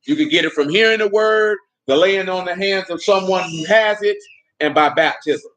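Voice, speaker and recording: Conversational preacher, man, fairly high voice. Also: moderate pace, a bit bright, low-quality recording. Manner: conversational preaching, colloquial, asks listeners questions. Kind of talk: sermon.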